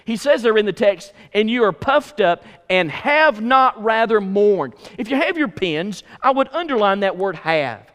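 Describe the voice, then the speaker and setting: Middle-aged male preacher, high-pitched, emphatic, heard in a reverberant hall. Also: lively intonation, unhurried, hardly any pauses, a bit bright. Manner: emphatic, repeats phrases for stress. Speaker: pastor. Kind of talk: sermon. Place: church sanctuary.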